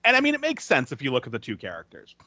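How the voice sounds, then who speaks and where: Animated, bright-voiced man recapping a movie. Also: mid-range voice, racing, dry recording, highs cut off. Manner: profane, laughs often while recapping. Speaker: podcast co-host. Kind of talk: casual movie recap chat.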